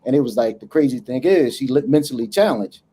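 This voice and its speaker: A man co-hosting a casual podcast, telling a story in an animated, profane way and acting out the dialogue. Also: mid-range voice, fairly quick, husky. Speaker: podcast co-host.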